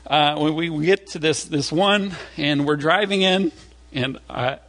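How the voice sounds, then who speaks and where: A man preaching a sermon through an animated personal story, acting out voices along the way, chatty and full of fillers and restarts. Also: on the high side, unhurried. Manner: animated, acts out voices in stories. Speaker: pastor.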